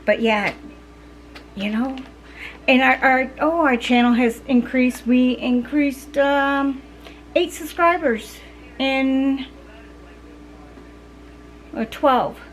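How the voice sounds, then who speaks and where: A middle-aged woman chatting casually to her viewers in a rather high voice. She rambles, restarts her sentences and leans on fillers as she goes. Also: slow pace, long pauses, soft background music, rough recording. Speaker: vlogger. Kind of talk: casual chat to camera.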